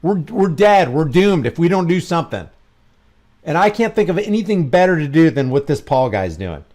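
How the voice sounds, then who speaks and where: Excitable man, fairly high voice. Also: moderate pace. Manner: excitable, many restarts and asides. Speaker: video commentator. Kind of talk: reaction commentary.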